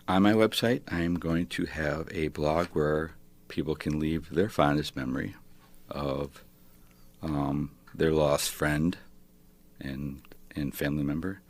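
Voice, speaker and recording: Brief: guest writer, man, deep husky voice, slow tender reading. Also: fairly even intonation. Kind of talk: reading his poem aloud on radio.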